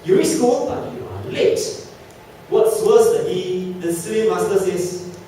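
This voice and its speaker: A man preaching at a youth camp, telling stories with lively acted quotes. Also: high-pitched, slow, slight background noise. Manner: animated storytelling with acted quotes. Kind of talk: sermon. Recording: echoey room from a distance.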